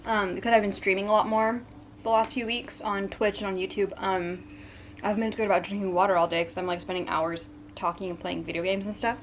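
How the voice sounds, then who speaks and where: A woman's voice: mid-range voice, level tone, fairly quick, slight background noise. A young woman in her twenties chatting casually to camera in a vlog, with frequent ums, sometimes talking with her mouth full. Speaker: vlogger.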